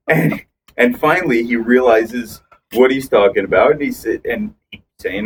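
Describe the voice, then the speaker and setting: A man's voice: mid-range voice, a little slow, far from the mic, slight background noise, low-quality recording. A man co-hosting a casual podcast, telling long rambling anecdotes with restarts and acted-out quotes. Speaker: podcast co-host. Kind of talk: casual storytelling chat.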